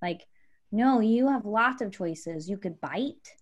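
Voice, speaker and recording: A woman coach talks her guests through an idea, animated and full of examples. Her voice sits in a middle pitch. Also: slow pace, highs cut off. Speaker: life coach. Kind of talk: explaining to guests on a podcast.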